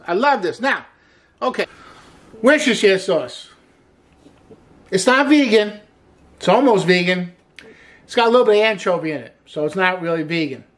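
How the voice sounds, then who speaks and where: A middle-aged man hosting a cooking show as a chef, chatty and upbeat, walking through a recipe step by step with frequent exclamations. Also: high voice. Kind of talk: casual cooking demonstration.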